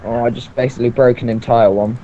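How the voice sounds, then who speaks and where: Excitable swearing young gamer. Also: male voice, medium pitch. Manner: excitable, swears often, quick outbursts. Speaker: let's play co-host. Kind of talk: casual gaming chat. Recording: slightly dull lo-fi mic with faint noise.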